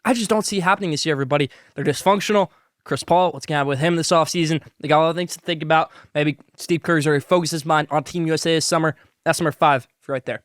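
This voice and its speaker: A man's voice: on the high side, fairly even intonation, rapid-fire, a bit bright, no echo. Hyped male sports podcast host. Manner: hyped, salesy, talks with food in mouth. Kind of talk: sponsored hot-takes segment while eating.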